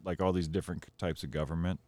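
Very deep-voiced man, laid-back and slangy. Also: fairly even intonation, very fast, darkish tone, no echo. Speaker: podcast co-host. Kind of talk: casual podcast chat. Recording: clear background noise with clicks.

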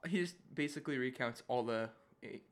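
A man's voice: medium pitch, brisk. A man in casual chat recapping a show episode, laughing often and quoting the characters in playful voices. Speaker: podcast co-host.

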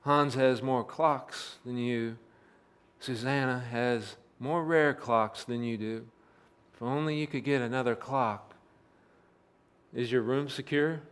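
A man voicing a tall, impish thief in a sermon story, speaking in a hushed, insinuating murmur. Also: medium pitch, steady tone, slow pace, long pauses. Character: sly whispering male thief, tall and impish.

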